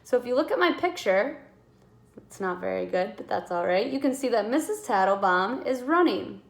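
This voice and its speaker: A woman teaching a kindergarten writing lesson, sounding out letters slowly and encouraging young children. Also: fairly high pitch, lively intonation, creaky, roomy sound.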